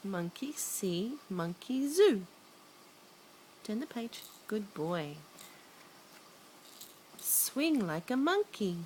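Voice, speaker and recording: A woman's voice: medium pitch, sing-song, extremely slow, pauses often, a little mellow, slight background noise. A mother reading a picture book aloud to her small son, playful and coaxing, joining in with animal noises.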